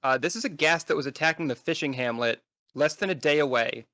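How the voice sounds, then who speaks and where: A man's voice: on the high side, fairly quick, sharp tone, no room sound. A man playing his character in a tabletop game, pressing a superior with insistent, confrontational questions. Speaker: player. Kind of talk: in-character tabletop role-play.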